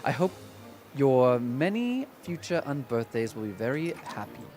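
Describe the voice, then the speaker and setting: A man's voice: mid-range voice, very animated, unhurried, a little mellow, soft background music. A man putting on a prim storybook character in a bad British accent. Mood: courteous. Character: polite, gentle storybook character, prim manner.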